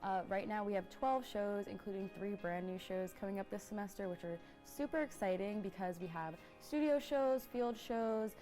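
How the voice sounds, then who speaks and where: Upbeat young woman with soft music behind. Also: medium pitch, normal speed, hardly any pauses. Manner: upbeat, enthusiastic explaining. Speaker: student TV channel member. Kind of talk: interview about the channel.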